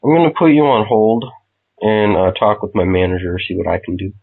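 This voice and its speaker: A man's voice: on the low side, lively intonation, a little fast, gravelly. A man posing as a customer service agent on a prank call, mock-polite and baiting. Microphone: phone. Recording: tinny phone line.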